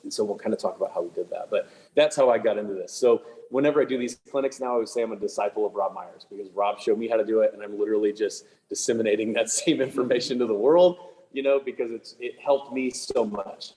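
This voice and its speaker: A man leading a clinic for music teachers, talking in a quick, chatty, joking way with lots of fillers and restarts. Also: lowish voice, warm tone, rough recording. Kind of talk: casual clinic presentation. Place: room with attendees present, also on video call.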